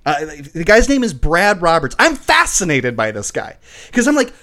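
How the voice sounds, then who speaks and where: Lively high-voiced man in casual chat. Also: measured pace. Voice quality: animated, laughs often, acts out voices in stories. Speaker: podcast co-host.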